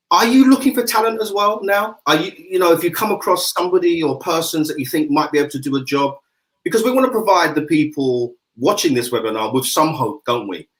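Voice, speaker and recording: Brief: an encouraging male host who talks fast, hosting over a video call. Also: medium pitch, fairly bright tone, low-quality recording. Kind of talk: webinar panel hosting.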